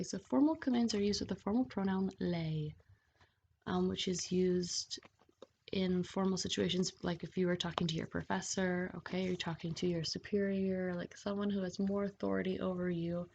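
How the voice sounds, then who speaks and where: A woman's voice: on the low side, steady tone, moderate pace, creaky, darkish tone. A woman teaching grammar over slides, patient and checking in often with "okay?". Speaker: Italian language teacher. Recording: dull lo-fi voice-over with faint hiss.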